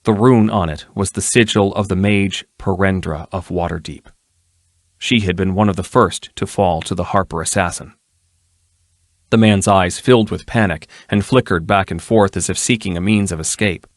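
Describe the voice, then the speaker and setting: A man narrates a fantasy audiobook in a steady, measured way, with a lowish voice. The recording is close and dry. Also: no echo. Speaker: audiobook reader.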